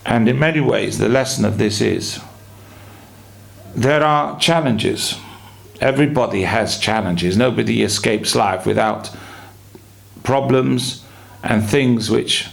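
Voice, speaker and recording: A rabbi giving a weekly sermon, explaining his points in a measured way with drawn-out pauses. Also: medium pitch, creaky.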